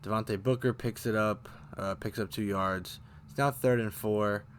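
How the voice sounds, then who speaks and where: A man's voice: lowish voice, steady tone, moderate pace, a little hiss or hum. A man hosting a casual fan recap of a football game, rambling and correcting himself as he goes, getting heated over bad plays. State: choking up, briefly coughing. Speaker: fan show host.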